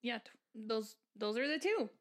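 A woman's voice: on the high side, lively intonation, moderate pace. A woman co-hosting a casual chat, teasing and joking with her friend. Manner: teasing, jokey banter. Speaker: podcast co-host.

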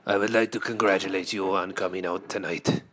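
A man delivering an absurdist comic monologue in a deadpan way, asking rambling rhetorical questions. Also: low voice, a little fast, background noise. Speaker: comedian.

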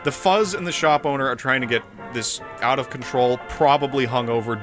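A man's voice: mid-range voice, a little fast, over music. A man co-hosting a podcast, telling a story in a casual, comedic way, laughing often and swearing. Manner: animated, laughing, profane. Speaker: podcast co-host.

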